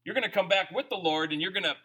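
A man's voice: sits high, fast, bright, forceful tone, slightly rough. A man preaching a conversational sermon, reading scripture aloud and breaking into informal, jokey asides. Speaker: pastor.

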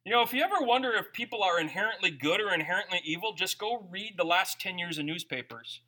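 A man's voice: high-pitched, expressive, fast, pushed and bright. A man preaching a conversational sermon, reading scripture aloud and breaking into informal, jokey asides. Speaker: pastor.

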